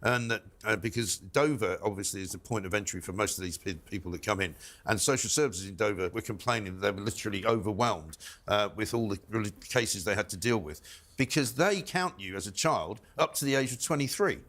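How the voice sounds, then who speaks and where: A man hosting a panel discussion, brisk and often interjecting agreement. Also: fairly low pitch, fairly bright tone. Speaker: host. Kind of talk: studio panel talk.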